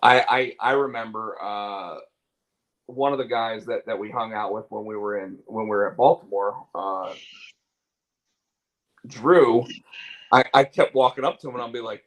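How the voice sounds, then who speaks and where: On a low-quality recording, a man with a lowish voice speaks at a moderate pace and pauses often. He co-hosts a casual talk show, chatting candidly with swearing, rambling through restarts, repeated words, and fillers.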